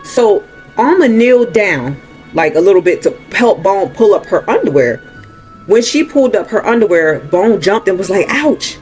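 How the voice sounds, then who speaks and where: A man's voice: high voice, sing-song, normal speed, a little mellow, soft background music. Chatty man retelling a movie. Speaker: movie recap host. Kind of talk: casual story time.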